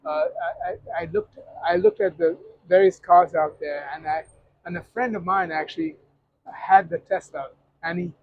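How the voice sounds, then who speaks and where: Gravelly man answering hesitantly. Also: sits high, big pitch swings, moderate pace, dull audio, slight background noise. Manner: hesitant, many fillers and restarts. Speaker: guest. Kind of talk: casual interview.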